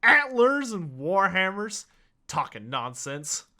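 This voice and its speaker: A man voicing a wary, world-weary male informant who gives low, conspiratorial warnings. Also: sing-song, slow pace, bright, forceful tone, full character voice. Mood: gruff.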